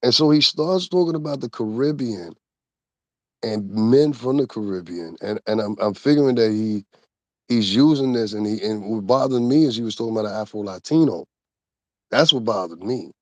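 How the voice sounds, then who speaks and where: A man's voice: fairly low pitch, animated, moderate pace, no room sound. A man giving a heated, profane, casual commentary rant with laughing asides. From Connecticut, USA. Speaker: commentary host.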